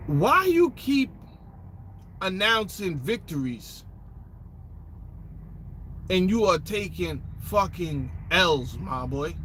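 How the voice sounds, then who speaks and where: A man rants in casual commentary with a very high, bright and sharp voice that leaps up and down. He talks profanely and sarcastically in street slang, wandering through restarts and asides. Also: very animated, takes it slowly, long pauses, a little hiss or hum. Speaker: political commentator.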